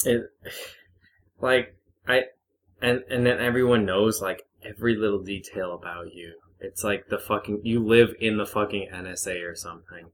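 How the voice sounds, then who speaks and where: A man's voice: fairly low pitch, normal speed. A young man co-hosting a casual podcast, originally from the north, who swears freely, laughs often and tells stories with energy. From northern United States. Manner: swears a lot, laughs often, animated storytelling. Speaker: podcast co-host. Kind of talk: casual chat.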